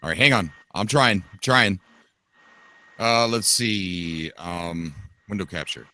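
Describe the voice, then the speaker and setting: A man hosting a casual live podcast, excitable and quick to raise his voice. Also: low-pitched. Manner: excitable, animated, quick to shout. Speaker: podcast host. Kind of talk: casual livestream chat.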